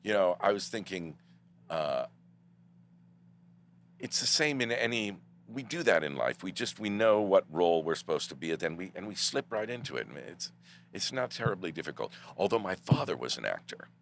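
A man guest on a podcast, telling theater stories in a measured, theatrical way. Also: deep voice, sing-song, slight background noise. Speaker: guest actor. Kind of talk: casual storytelling.

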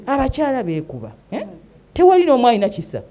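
Emphatic Ugandan woman, quick and lively. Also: sits high, a little hiss or hum. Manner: emphatic, mixes English and Luganda, asks "eh?" often. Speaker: host and mentor. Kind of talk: animated talk show monologue.

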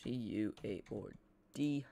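A young Irish man chatting and rambling excitably through a live football watch-along stream. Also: on the low side, slow, gravelly.

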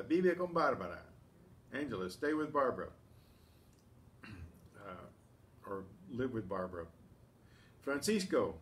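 A male Spanish teacher at a slow, patient pace, reading out examples and explaining them one by one. He often pauses to clear his throat. His voice sounds distant, as if the mic is set some way off. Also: mid-range voice. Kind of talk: language lesson. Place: classroom or community center room.

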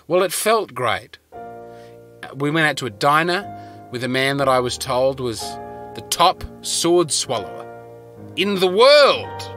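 A man's voice: mid-range voice, animated, slow, pauses often, pushed and bright, faint music behind. An Australian man telling a rambling comic story in a self-mocking, chatty way, recorded in his car. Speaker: comedian and podcast host. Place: parked car.

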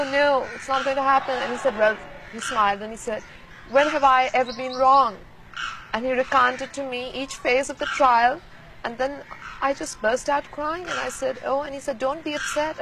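A young woman in her twenties, recalling painful events in a quiet, measured way during a recorded news interview. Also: sits high, background noise. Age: 20s. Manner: quiet, measured, grieving recollection.

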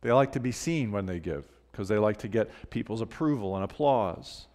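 An older man preaching a sermon as pastor, emphatic on key words and dropping soft and low for tender parts. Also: lively intonation, normal speed. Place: church sanctuary. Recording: church livestream with long hall reverb.

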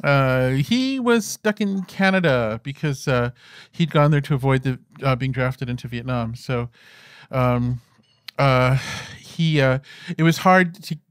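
A man in his fifties answers as a guest, his stories full of restarts, stumbles and fillers. His pitch sits in an average middle range. The recording is dry, with no room echo. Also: measured pace, smooth. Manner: rambling, with many restarts and fillers. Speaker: interview guest. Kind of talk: conversational storytelling on stage.

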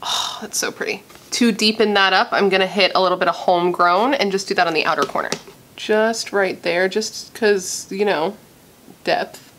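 A young woman from Missouri chatting casually and gushing as she does a makeup tutorial, thinking out loud. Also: medium pitch, normal speed, slight background noise. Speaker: beauty vlogger.

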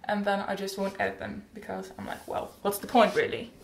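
A woman's voice: mid-range voice, monotone, brisk, gravelly, reverberant. A teenage girl chatting casually in a rambling, bubbly update vlog, often laughing and correcting herself. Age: teens. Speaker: vlogger.

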